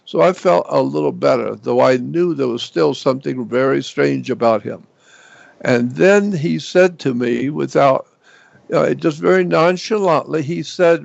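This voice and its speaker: An older man telling a personal story as an interview guest, slow and halting with frequent fillers. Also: fairly high pitch, creaky, no room sound. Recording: dull lo-fi dry recording.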